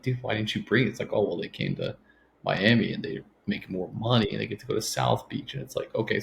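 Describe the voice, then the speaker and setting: A man's voice: fairly low pitch, vocal fry, a little hiss or hum. A man co-hosting a sports podcast, joking and trading hot takes in casual chat. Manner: joking, offers hot takes, trails off mid-thought. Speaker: podcast co-host.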